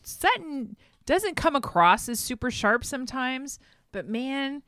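A woman's voice: high voice, animated, unhurried, sharp tone, dry recording, clean studio sound. A woman co-hosting a podcast in casual chat, chatty and opinionated. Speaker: podcast co-host.

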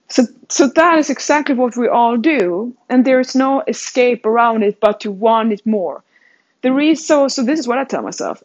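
A woman coach muses aloud in a loose, self-mocking monologue, stumbling over restarts and laughing at herself. Her voice sits fairly high. The recording sounds dull and lo-fi. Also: expressive, moderate pace. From Sweden. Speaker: fitness coach. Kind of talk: casual self-reflective monologue.

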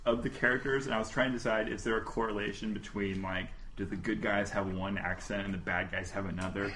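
Podcast host, male, bright and slightly low voice, playful rambling chat, faint room hum. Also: steady tone, fast. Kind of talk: casual comedic chat.

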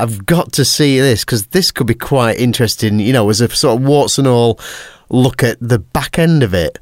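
A man hosting a podcast in casual chat, jokey and quick to laugh, and reading listener emails aloud. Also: mid-range voice, dry recording, clean studio sound. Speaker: podcast host.

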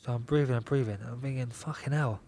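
On a podcast, a young man who boxes professionally spins a lively story at a quick pace, cursing almost constantly and circling back to repeat himself. He laughs often and stays animated throughout in a casual chat, his voice pitched in a typical male middle range.

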